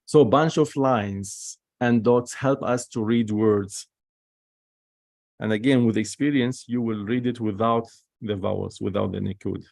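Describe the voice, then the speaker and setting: A man's voice: lowish voice, unhurried, gravelly, darkish tone, dry recording, studio quality. A man teaching biblical Hebrew in a recorded class, explaining step by step and often checking in with "okay?" or "all right?".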